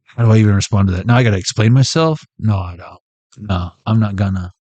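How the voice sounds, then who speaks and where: A man's voice: fairly low pitch, quick pace, a little mellow, no room sound, highs cut off. A man hosting a casual card reading in a sarcastic, profane, joking manner. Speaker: intuitive card reader.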